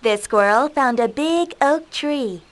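A woman narrating a children's storybook with a slow, clear, expressive delivery. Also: high voice.

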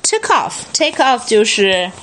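Middle-aged woman, slow and very lively reader, bilingual storybook lesson with a child. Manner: acts out character lines with big pitch jumps, explains in Chinese. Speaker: parent reading teacher. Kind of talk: bilingual picture-book read-aloud lesson.

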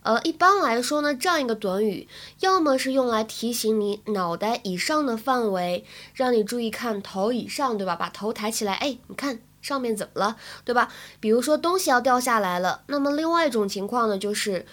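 Chatty higher-voiced woman teaching English. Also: expressive, a little fast, few pauses, fairly bright tone. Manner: chatty, asks rhetorical "right?" checks. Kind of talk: explaining English phrases to students.

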